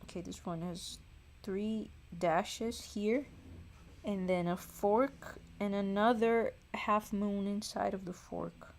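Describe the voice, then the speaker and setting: A woman talks at a slow pace in a medium pitch with vocal fry, and there's slight background noise. She's a livestream host and singer drawing while chatting casually and thinking aloud. Tired and self-mocking, she lets out sighs.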